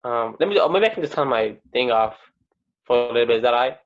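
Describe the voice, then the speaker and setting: A man co-hosting a casual podcast, answering in hesitant, halting bits. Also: medium pitch, animated. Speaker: podcast co-host. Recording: tinny phone-like call audio.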